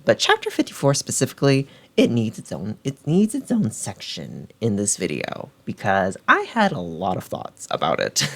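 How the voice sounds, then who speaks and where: A man recapping a book in a casual vlog, chatty and full of fillers, often laughing. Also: medium pitch. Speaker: book reviewer.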